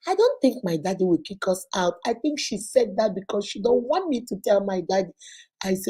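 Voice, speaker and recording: A woman's voice: a little high, sing-song, a little fast, dark tone, husky, rough recording. A woman from Nigeria with a Nigerian accent, a schoolteacher giving a motivational talk to mothers, using emphatic, repetitive exhortation mixed with storytelling asides.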